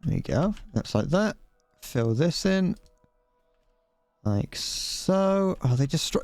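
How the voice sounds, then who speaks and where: A man's voice: mid-range voice, expressive, a little slow, pauses often, darkish tone, no room sound, soft background music. A man streaming a video game live, rambling and restarting his sentences, swearing at the game and a little out of breath. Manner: rambling, stumbles over words, swears. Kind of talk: casual live game commentary.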